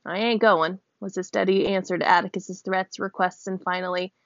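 A woman reading a novel aloud, lifting her pitch a little for the characters' lines, at times stopping to check how a word is said. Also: fairly even intonation, moderate pace, no room sound. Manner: voices characters with small pitch lifts; stops to check a word's pronunciation and laughs. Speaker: reader. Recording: dull, dry close recording.

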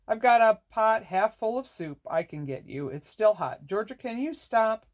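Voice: medium pitch, expressive, moderate pace, voice pushed up, close to an everyday voice. A reader voicing a kind, easygoing man who runs an inn with his wife. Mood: kindly. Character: kindly innkeeper husband.

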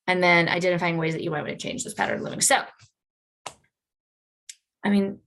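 A woman's voice: brisk, slight background noise. A woman hosting a podcast alone, talking casually about relationship habits, often adding "like" and "right?", with her voice rising for emphasis. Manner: chatty, many "like" and "right?" tags; lively, jumps up in pitch for emphasis. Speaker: podcast host, therapist educator. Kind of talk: casual educational monologue.

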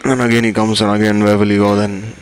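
Man, sermon translator, low voice, monotone, earnest, admonishing. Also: quick pace.

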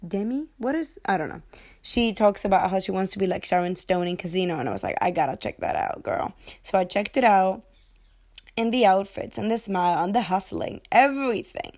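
A woman's voice: medium pitch, lively intonation, brisk, darkish tone. A woman chatting casually about movies, joking, swearing freely and wandering off on tangents. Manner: rambling, jokey, swears freely, goes off on tangents. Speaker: movie review vlogger.

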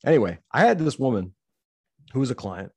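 A man's voice: medium pitch, big pitch swings, a little fast, darkish tone, breathy edge. A middle-aged man, a business-owner guest, telling a story candidly and bluntly, swearing freely. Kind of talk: conversational storytelling.

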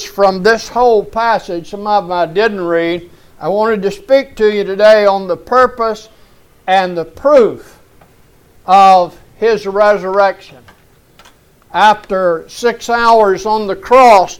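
Male pastor, sermon delivery, unhurried and emphatic, clean high tenor that swells into shouts at the big moments. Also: clean tone. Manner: slow, emphatic preaching that rises and shouts at climaxes, with chuckles. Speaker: preacher.

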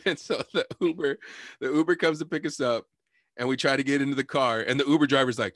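A man telling a rowdy night-out story in casual chat, swearing and quoting people in sudden high voices, laughing often. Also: quick pace, no room sound, clean studio sound. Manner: animated storytelling, swearing, quoting people with big pitch jumps.

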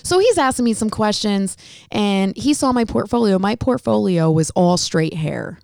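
A woman's voice: mid-range voice, moderate pace, creaky, no echo, clean studio sound. A woman from Connecticut, a hairstylist and salon owner, telling stories as an interview guest and acting out the dialogue. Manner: lively storyteller who acts out quoted dialogue. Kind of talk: casual storytelling interview.

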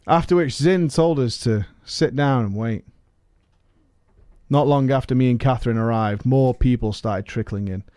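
A man's voice: medium pitch, a little mellow, dry recording, clean studio sound. A man narrating a comedic story in a playful way, chuckling at his own telling.

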